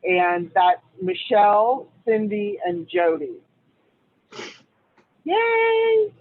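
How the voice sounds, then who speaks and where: A woman's voice: mid-range voice, takes it slowly, no room sound. A woman announcing giveaway winners on a team video call. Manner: lively, announcing. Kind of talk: casual team meeting talk. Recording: tinny phone-like call audio.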